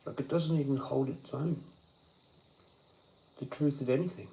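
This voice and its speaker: A man's voice: medium pitch, steady tone, normal speed, gravelly, mellow, poor audio. A young man ranting on a livestream, swearing a lot and circling through frustrated philosophical thoughts. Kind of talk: rambling late-night livestream rant.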